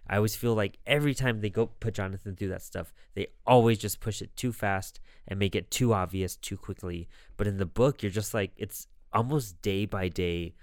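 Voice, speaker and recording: Deep-voiced laid-back man, dry close sound. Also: smooth, dry recording. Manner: laid-back, rambling, swears casually. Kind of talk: casual chat about horror films.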